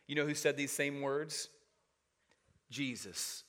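Guy preaching a sermon, bright forceful voice, gets loud then drops real quiet, has the crowd say lines with him. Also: mid-range voice, slow, long pauses. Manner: preaching with rising emphasis and audience call-and-response; dramatic swings from loud emphatic to hushed quiet. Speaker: pastor.

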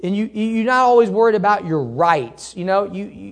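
A man preaching a sermon in a noticeably high voice. He talks in a folksy, animated way, teasing himself and acting out the people in his stories. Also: fairly quick, hardly any pauses. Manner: animated, folksy, laughs at himself, acts out shouting drivers. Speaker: pastor.

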